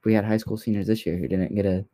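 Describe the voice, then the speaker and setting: A man's voice: fairly low pitch, fairly even intonation, quick pace, mellow. A young man co-hosting a podcast, talking in a rambling casual way with many fillers and turning heated and blunt when riled. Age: young adult. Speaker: podcast co-host.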